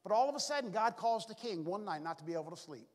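A man's voice: sits high, lively intonation, fast. A male pastor preaching a sermon, retelling the story and acting out the characters' lines, often saying "all of a sudden" and "be able to". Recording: long reverb from a large hall.

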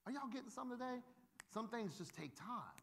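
A man's voice: very high-pitched, fairly quick, gravelly. A male pastor preaching a sermon, telling funny stories and acting out the voices of people in them. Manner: animated, humorous, acts out quoted voices. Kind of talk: sermon with storytelling.

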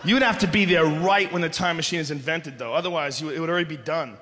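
A man doing live stand-up comedy, ranting loudly and animatedly with lots of profanity. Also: fairly high pitch, quick pace. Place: large theater stage. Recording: echoey hall with audience noise.

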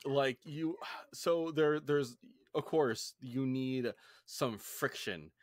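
Male podcast host, mid-pitched, rambling casual chat, dry close mic. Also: slow, dry recording. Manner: rambling, apologizes for ranting.

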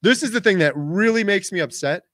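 Man in his 40s, livestream host, lively storyteller, fairly high voice, dry close sound. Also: brisk, no room sound. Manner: animated storytelling, talks over his wife. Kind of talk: casual livestream chat.

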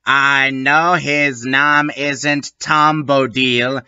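A man's voice: mid-range voice, little pitch movement, extremely slow, bright, forceful tone, clean tone, no room sound, muffled recording. A man doing a comic dramatic reading with dry, sarcastic asides. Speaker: reader.

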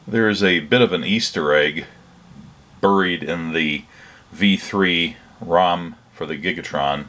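An older man hosting a hobby electronics channel, narrating a demo in a relaxed, plain-spoken way with hesitant pauses. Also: sits low.

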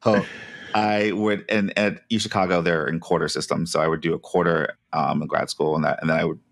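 A man, a physician, telling stories over a remote call in a casual, animated way, laughing often. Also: sits low, a little fast, gravelly, no room sound, studio quality. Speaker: physician, podcast co-host. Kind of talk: casual chat, storytelling.

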